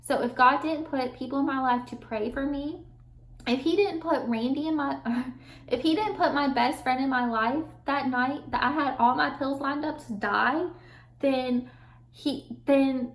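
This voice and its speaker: Young woman vlogging at home, earnest, kinda high voice, lots of restarts, room echoes a lot. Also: measured pace. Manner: earnest and candid, with restarts and nervous laughs. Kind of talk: personal storytelling vlog. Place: at home with her dog nearby.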